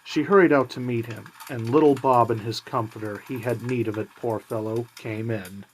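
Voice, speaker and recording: A man reading a classic novel aloud in a measured, calm way. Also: medium pitch, a little hiss or hum, poor audio. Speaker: reader.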